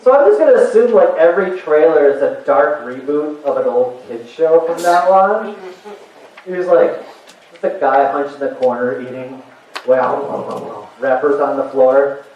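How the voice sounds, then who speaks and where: A man's voice: on the high side, measured pace, slight background noise. A man of about forty doing a chatty, rambling stand-up comedy set on a convention stage. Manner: chatty, rambling and animated, with frequent fillers and self-laughs. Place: convention stage with a live audience. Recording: very echoey, distant, muffled hall recording.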